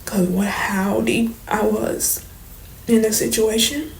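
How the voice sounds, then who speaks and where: A young woman, speaking softly and shakily in an emotional storytime confession, holding back tears and sometimes dropping to near whispers. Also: on the high side, slow pace, a little hiss or hum, poor audio. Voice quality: soft, trembling at times, drops to near whispers. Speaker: vlogger. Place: indoors, late at night.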